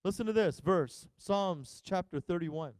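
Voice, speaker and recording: A pastor preaching a sermon, telling a funny family story and acting out the voices of everyone involved. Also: male voice, high voice, unhurried, a little mellow, no room sound, clean studio sound. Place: church sanctuary.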